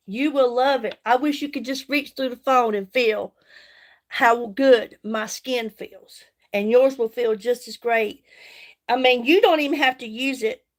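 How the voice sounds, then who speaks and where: A middle-aged woman, chatting casually on a live stream while doing her makeup, folksy and greeting viewers by name. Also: fairly high pitch. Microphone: phone.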